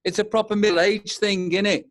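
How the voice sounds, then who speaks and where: A man's voice: high-pitched, fairly even intonation, moderate pace, slight background noise. Chatty, swearing English man on a call. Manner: chatty, swears freely, rambling. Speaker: guest. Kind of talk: casual chat.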